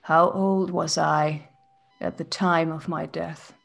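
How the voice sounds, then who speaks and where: Halting drowned young male ghost, voiced by a woman GM, low and very slow, tabletop game. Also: steady tone, creaky, full character voice. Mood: haunting.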